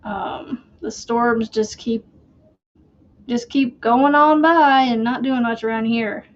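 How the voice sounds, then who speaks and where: Slow-talking woman crochet host. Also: fairly high pitch, highs cut off. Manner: slow, rambling, chatty with fillers. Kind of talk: casual livestream chat while crocheting.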